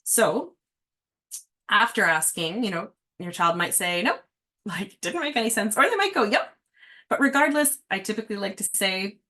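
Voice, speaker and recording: A woman's voice: mid-range voice, lively intonation, normal speed, bright, forceful tone. A woman reading specialist giving a casual, friendly workshop talk to parents, with many fillers. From Canada.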